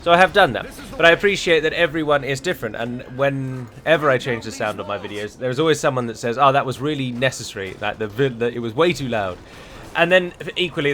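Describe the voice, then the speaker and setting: An English man narrating his own playthrough of a strategy game. He talks casually at a middling pitch and drifts into chatty asides as he plays. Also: quick pace, hardly any pauses, fairly bright tone. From England. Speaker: gaming YouTuber. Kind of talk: let's play commentary.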